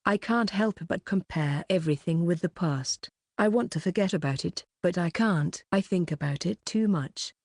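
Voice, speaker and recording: A woman narrates a light novel audiobook in a steady, even reading voice. Her pitch sits a little low for a woman. The recording is dry and close, with no room around it. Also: moderate pace, hardly any pauses, no room sound.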